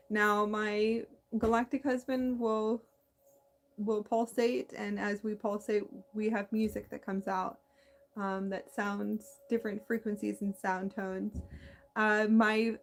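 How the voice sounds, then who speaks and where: A woman hosting a spiritual talk, speaking in a meandering, halting way with many restarts and a slight lisp. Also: mid-range voice. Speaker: spiritual channel host. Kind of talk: casual spiritual monologue.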